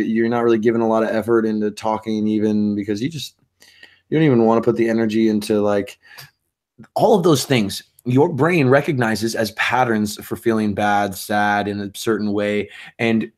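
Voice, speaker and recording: A man's voice: mid-range voice, normal speed. Rambling, thoughtful male co-host. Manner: rambling, many restarts, builds to excitement. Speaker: podcast co-host. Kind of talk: casual explanatory talk.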